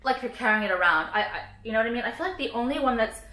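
A woman's voice: on the high side, animated, very fast, bright, forceful tone, roomy sound. A woman vlogging casually, ranting about products with heavy swearing, sarcasm and lots of "like". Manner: profane, sarcastic, frequent "like".

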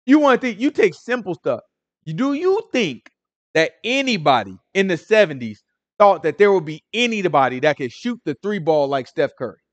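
Animated, casual male Bible teacher. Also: sits high, normal speed, no room sound. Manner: animated, slangy, keeps asking listeners "right?". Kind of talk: conversational Bible study teaching.

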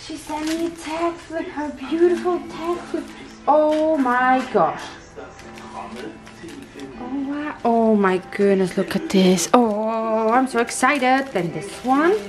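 High-voiced woman gushing over gifts. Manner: gushing, gasping, effusive thanks. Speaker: craft vlogger opening mail. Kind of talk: casual unboxing chat.

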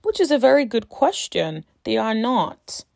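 A woman's voice: fairly high pitch, big pitch swings, measured pace, gravelly, a little mellow, no room sound, clean studio sound. A woman giving a casual, emphatic review of a reality show, talking straight to the cast with exasperated asides. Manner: exasperated asides, calls people honey and sis.

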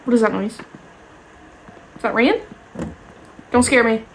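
A woman's voice: a little high, unhurried, slight background noise, poor audio. A young woman giving casual, jokey commentary while playing a video game, chatting to herself and her pet. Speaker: gaming youtuber. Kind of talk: casual let's play commentary. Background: game music.

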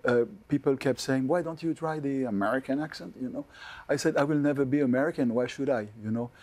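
Older French-accented man, mellow and hesitant. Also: mid-range voice, fast talker. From France. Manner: hesitant, many fillers and restarts. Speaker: actor interviewee. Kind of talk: TV interview chat.

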